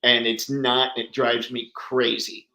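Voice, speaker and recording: A man's voice: mid-range voice, level tone, takes it slowly, sharp tone, reverberant, rough recording. A man hosting a casual livestream chat, talking enthusiastically and answering viewers by name. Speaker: livestream host.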